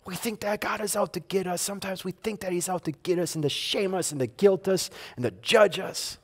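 High-pitched guy preaching at church, chatty but punchy, keeps repeating lines for emphasis. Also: fairly quick, husky. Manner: conversational preaching with emphatic repetition. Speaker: pastor. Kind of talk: sermon. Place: church service.

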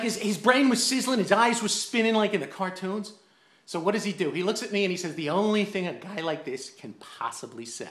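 Loud, animated man ranting in a roomy space. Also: on the high side. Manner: loud, indignant, acts out quotes. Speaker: online ranter, cigar enthusiast. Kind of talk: animated storytelling rant.

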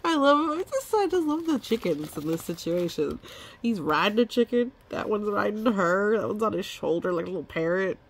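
A woman's voice: medium pitch, very animated, moderate pace, a little hiss or hum. A woman reading a children's picture book aloud, chatting and delighting over the illustrations. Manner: chatty, amused, commenting on pictures. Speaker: storybook reader.

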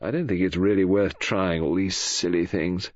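A man's voice: sits low, steady tone, normal speed, no room sound. A man voicing a languid, offhand young woman, teasing and arty, in an audiobook reading. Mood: drowsy. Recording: dull lo-fi audio.

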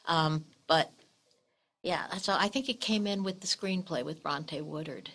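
A woman's voice: low-pitched, a little slow, fairly bright tone. An older woman, a guest actress, recalls old times in a casual interview, rambling and restarting her sentences as she searches for details. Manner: rambling, hesitant recollection with restarts.

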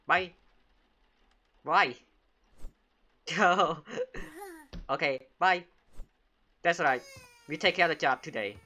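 A man's voice: on the high side, normal speed, long pauses, pushed and bright, muffled recording. A man hosting a let's play of a horror game, talking playfully and teasing the in-game baby as he plays. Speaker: gaming channel host.

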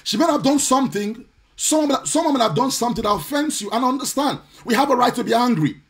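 High-pitched guy preaching on a facebook live, fired up, repeats stuff a lot, kinda sing-song. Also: lively intonation, fast. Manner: forceful, repetitive, indignant, sometimes sing-song cadence. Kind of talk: impassioned preaching on a live stream. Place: home or church, streaming live.

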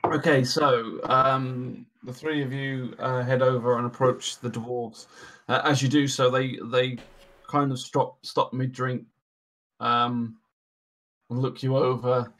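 A man running a tabletop game as dungeon master, narrating haltingly with frequent ums and restarts. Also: medium pitch, little pitch movement, a bit bright.

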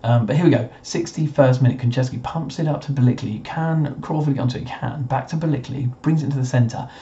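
A young man with a slightly croaky voice commentates his own football management game, muttering and then bursting into cheers at the screen. His voice is dark and mellow. The recording is a little dull and muffled. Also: mid-range voice, a little fast. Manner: excitable, swings between muttering and cheering at the screen. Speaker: gaming commentator. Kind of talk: casual let's-play commentary.

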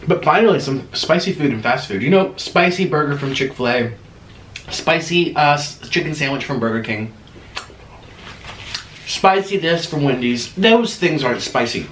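A young man hosting an eating vlog, talking casually between bites with excited gasps and murmurs. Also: fairly high pitch, moderate pace. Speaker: mukbang host. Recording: echoey room with faint noise.

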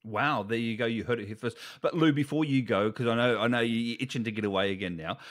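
A man's voice: mid-range voice, fast talker, a bit bright. Playful, teasing male podcast co-host. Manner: playful, teasing, laughs often. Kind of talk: casual podcast chat.

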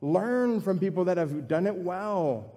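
A man's voice: high voice, animated, a little slow, mellow, long reverb tail. A man preaching a sermon to a church congregation in a conversational way, asking questions and repeating his points. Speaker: pastor.

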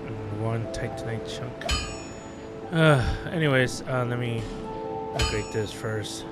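A man narrates his gameplay in casual, rambling commentary, with emotional bursts mixed in. Clear game music plays behind his voice. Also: mid-range voice, slow. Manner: rambling, with fillers and emotional outbursts. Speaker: let's play host.

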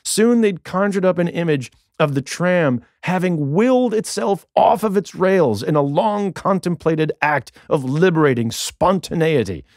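A man reading his own humorous memoir audiobook in a recording studio, with a wry, deadpan storytelling manner. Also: on the high side, a little slow, hardly any pauses, no echo. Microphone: studio microphone.

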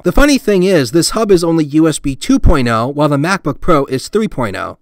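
A man hosting his tech channel, giving a relaxed, self-deprecating tour of his computer setup with plenty of fillers. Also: medium pitch, no room sound. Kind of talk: casual tour vlog with voice-over.

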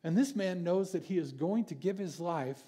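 Pastor, male, high-pitched, earnest sermon delivery with dramatic pauses. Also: warm tone. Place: church.

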